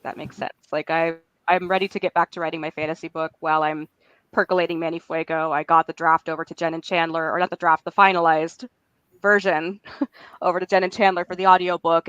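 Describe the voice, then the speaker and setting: A woman's voice: fairly low pitch, fairly even intonation, brisk, a bit bright, smooth, no echo, highs cut off. A woman from California, chatting casually on a video call while she has a cold, in a lightly self-mocking tone. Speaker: writing group co-host. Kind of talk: casual chat.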